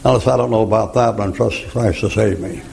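A man's voice: lowish voice, quick pace, vocal fry, darkish tone, rough recording. A man, preaching a folksy, joking sermon and laughing at his own stories.

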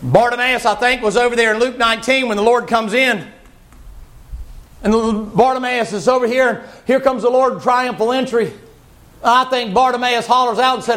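A man preaching a folksy, animated sermon and shouting at its peaks. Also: very high-pitched, normal speed. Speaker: pastor.

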